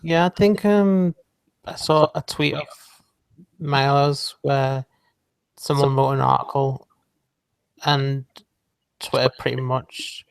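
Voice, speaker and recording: A man co-hosting a casual chat, speaking in a hesitant, dry way with many pauses and ums. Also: mid-range voice, steady tone, creaky, clear, resonant tone, dry recording. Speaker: podcast co-host.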